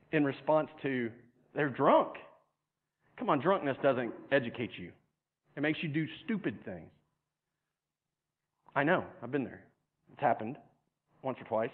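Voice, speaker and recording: A male preacher gives a lively sermon, repeating words as he goes and putting on voices for comic effect. His voice sits fairly high. The recording sounds thin and tinny, like it came through a phone line. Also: unhurried, pauses often. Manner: animated, repeats words, acts out voices with humor. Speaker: pastor.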